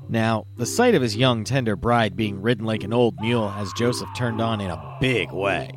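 A man hosting a podcast, casually telling a dirty joke in a profane, animated way. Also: fairly low pitch, normal speed, few pauses, faint music behind. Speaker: podcast host. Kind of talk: casual comedic storytelling.

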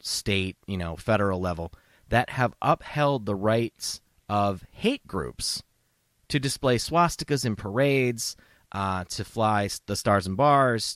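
A man's voice: fairly low pitch, no room sound, clean studio sound. A man hosting a podcast, delivering an impassioned opinion rant full of rhetorical questions. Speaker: podcast host.

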